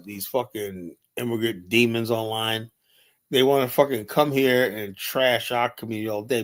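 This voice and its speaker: A man at a mid-range pitch hosts his own streaming talk show. He tells loose, profane stories about his past, breaking into laughter and acting out other people's lines. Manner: laughing, profane, animated retelling with quoted voices. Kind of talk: casual storytelling monologue. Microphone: streaming setup mic.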